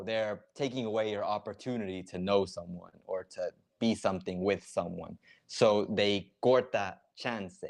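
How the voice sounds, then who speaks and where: A man streaming live, chatting casually and explaining slang words step by step with lots of fillers. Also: lowish voice.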